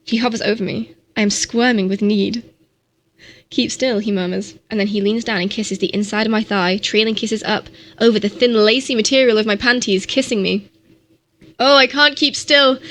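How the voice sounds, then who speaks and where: A woman streamer reads a novel aloud with a fairly high voice. She gives it a mock-dramatic delivery. She sometimes trips over a word and corrects herself. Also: fairly bright tone. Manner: mock-dramatic reading with stumbles.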